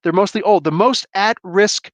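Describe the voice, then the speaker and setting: Fortyish guy on a livestream going off, blunt and heated, kinda high voice, dry close sound. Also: normal speed, fairly bright tone, no echo. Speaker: livestream host. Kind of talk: casual livestream rant.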